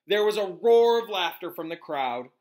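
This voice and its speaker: A male teacher reading a novel aloud to his students in an animated way, pausing to correct himself and explain. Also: high voice.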